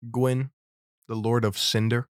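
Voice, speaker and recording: Deadpan young man with crude comebacks. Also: mid-range voice, a little slow, dry recording, studio quality. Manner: deadpan crude one-liners. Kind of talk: casual banter.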